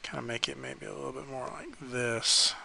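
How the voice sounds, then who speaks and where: Male art teacher, bright voice, casual halting critique. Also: mid-range voice, vocal fry, a little hiss or hum, rough recording. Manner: relaxed, hesitant, many ums and likes. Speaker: art instructor giving pose feedback. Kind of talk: casual critique while sketching.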